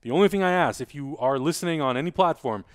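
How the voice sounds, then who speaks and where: Fast-talking energetic male podcast host. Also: a little high, clear, resonant tone, dry recording. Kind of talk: casual chat.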